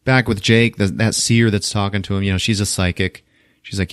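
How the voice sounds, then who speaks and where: Low-voiced man casually recapping a movie. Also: fairly even intonation, a little fast, fairly bright tone, clear, resonant tone, no room sound, clean studio sound. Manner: loose, profane storytelling with quoted voices. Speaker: podcast host.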